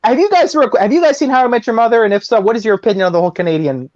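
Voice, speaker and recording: A guest from the United States joins the chat, joking and animated. His pitch swings widely as he talks, and the remote audio sounds dull and lo-fi. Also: rapid-fire, dry recording. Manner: animated, jokey. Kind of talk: casual chat.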